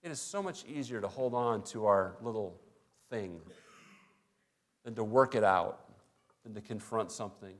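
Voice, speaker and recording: Male pastor, low voice, chatty sermon delivery with acted-out exchanges. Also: animated, moderate pace, long pauses. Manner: conversational preaching, acts out little dialogues.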